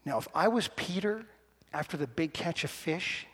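A man preaching a sermon in a lively, playful, conversational way to his congregation. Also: fairly high pitch, moderate pace, husky. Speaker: pastor. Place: church sanctuary. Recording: long reverb of a church hall.

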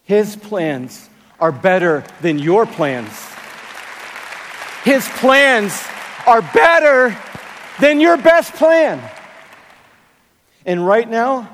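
A pastor in his sixties preaching a sermon in a large arena, with emphatic, drawn-out phrasing and playful asides. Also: high voice, sing-song, fairly bright tone, a faint crowd, a little hiss or hum. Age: 60s. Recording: long arena reverb.

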